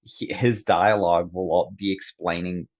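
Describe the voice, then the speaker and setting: Deep-voiced male podcast co-host. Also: steady tone, normal speed. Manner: chatty, many fillers and restarts. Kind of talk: casual film review chat.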